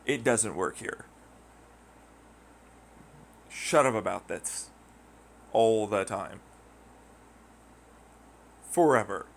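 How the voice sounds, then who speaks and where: A man's voice: fairly low pitch, animated, drawn-out words, vocal fry, pauses often. A man ranting casually and profanely, rambling through a story and acting out quoted voices in mocking tones. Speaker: podcast host. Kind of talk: casual rant.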